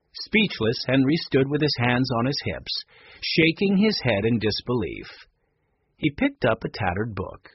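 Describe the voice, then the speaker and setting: A man narrating a children's book with measured, expressive storytelling. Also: mid-range voice, slightly rough, no room sound. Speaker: audiobook narrator. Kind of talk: scripted narration. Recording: dull, dry recording.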